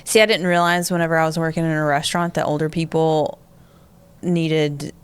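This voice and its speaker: A woman's voice: deep voice, fairly even intonation, fairly quick, clean tone. A woman hosting a podcast in easy, casual chat, laughing often as she talks. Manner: chatty, laughs easily. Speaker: podcast host.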